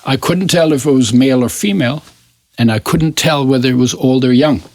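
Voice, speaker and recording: A man in his eighties, an interview guest, telling a personal story in an animated way and often restarting his phrases. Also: medium pitch, a little fast, no room sound. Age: 80s.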